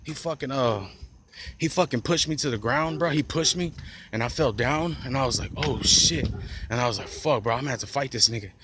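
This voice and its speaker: A man's voice: medium pitch, fairly quick, background noise. A man telling a personal story in a loose, rambling way, heavy on profane slang, restarts and "bro", recorded outdoors on a phone. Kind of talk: casual storytime monologue.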